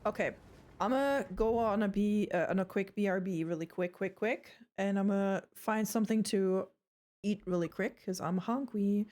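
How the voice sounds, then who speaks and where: A woman's voice: medium pitch, moderate pace, darkish tone. A young woman with an accent gives casual, playful live-stream commentary on a horror game. She swears a lot and scolds the characters on screen, talking from a room at home. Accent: non-native.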